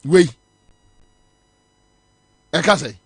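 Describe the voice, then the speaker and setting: A man's voice: on the high side, drawn-out words, gravelly. A man with a Ghanaian accent, hosting a talk show and commenting on viral videos, switching between Twi and English.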